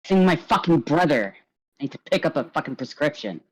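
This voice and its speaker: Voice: mid-range voice, animated, fairly quick, natural voice. The game master voicing Nastasia, a snarling foul-mouthed young woman. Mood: hostile. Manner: snapping, cursing, hostile.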